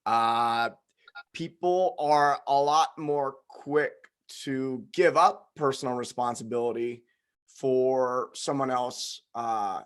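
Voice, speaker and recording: A man hosting a podcast in casual conversation, speaking with a slight drawl and halting restarts. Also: medium pitch, clean tone. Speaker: podcast host.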